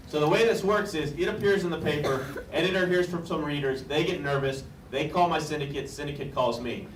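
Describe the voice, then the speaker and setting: A man telling wry, chatty stories to a live audience on a book tour. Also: fairly high pitch. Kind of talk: storytelling talk to a live audience. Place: bookstore event room with an audience. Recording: echoey room, distant mic, loud crowd. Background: audience laughter and room noise.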